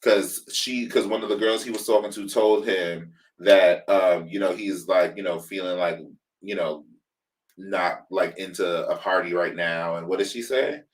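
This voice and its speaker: A man's voice: sits low, steady tone, a little slow, distant mic, rough recording. A man co-hosting a casual review chat, telling the story with feeling, acting out quotes, and swearing freely. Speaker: podcast co-host.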